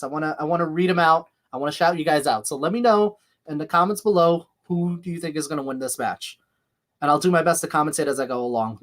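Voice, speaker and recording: A man's voice: on the high side, a bit bright. A man hosting a live watch-along stream with a slight lisp, chatting casually while calling the action and reading viewer comments. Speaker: livestream host.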